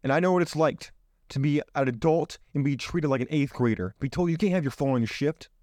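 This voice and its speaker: A man hosts a podcast on camera with his own microphone, delivering an emphatic motivational monologue full of rhetorical questions. His voice is a little high with a dark tone, a little fast, and the studio-quality sound has no echo.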